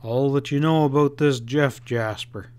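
A man's voice: mid-range voice, measured pace, a little mellow, clean tone, lightly acted. A man voicing a shrewd, folksy male Western sheriff in an audiobook, talking in drawled frontier slang. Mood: probing. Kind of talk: audiobook character reading.

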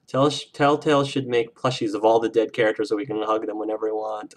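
Male game streamer, lowish voice, casual and effusive, wears his feelings on his sleeve. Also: flat delivery, fast, few pauses. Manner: effusive and emotional, gushing about the game. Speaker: let's play streamer. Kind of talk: casual livestream chat with viewers.

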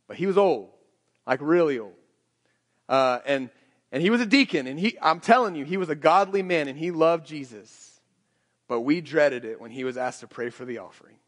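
A man preaching a sermon in a conversational way, often repeating and restarting his words. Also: on the high side. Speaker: pastor. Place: church sanctuary. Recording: church hall with long reverb.

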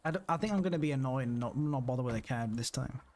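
A man in casual gaming chat, excitable and rambling as he sets up characters. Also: mid-range voice, fast talker, a little hiss or hum. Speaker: roleplay streamer.

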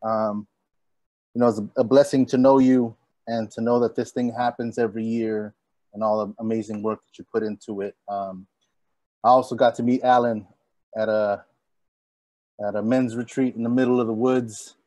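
A man from East Los Angeles, a poet, speaking casually and a bit haltingly at a poetry event, visibly moved. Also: mid-range voice, little pitch movement, dark tone, no echo. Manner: moved, halting, says y'all.

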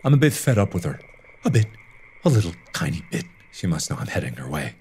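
Man doing a sleepless, paranoid game doctor: low hushed mutter, rambling, lively swings in pitch. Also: quick pace, a little hiss or hum. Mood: weary, paranoid.

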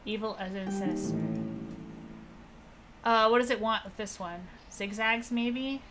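A woman's voice: fairly high pitch, a little slow, over music. A young woman casually thinking aloud and joking sarcastically with her chat while she streams a puzzle game. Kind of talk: casual let's-play commentary to chat.

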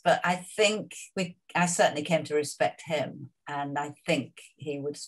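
A woman's voice: sits low, moderate pace, hardly any pauses. An older actress reflecting on her career in an interview, chatty and anecdotal, with many asides.

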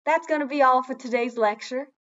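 A woman's voice: sits high, fairly quick, fairly bright tone. A young woman playing a self-important, fussy teacher of the triangle in an improvised mockumentary, lecturing with earnest pomposity. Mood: pompous. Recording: dull lo-fi recording.

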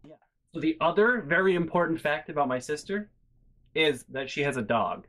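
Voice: medium pitch, lively intonation, moderate pace, fairly bright tone. A vlogger tells a casual story at home in a mid-range voice. They ramble, lean on fillers, swear freely, and sound incredulous throughout. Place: bedroom at home.

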